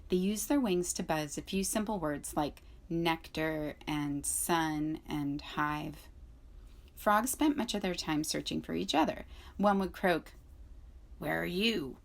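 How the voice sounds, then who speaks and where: Woman, librarian, storybook read-aloud, clear, expressive. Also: sits low, a little slow. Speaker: school librarian. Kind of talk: children's book read-aloud.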